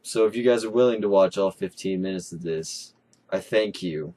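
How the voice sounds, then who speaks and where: Young man, low voice, casual storyteller, animated and profane. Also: normal speed. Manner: excitable, swearing, laughing storyteller. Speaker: co-host.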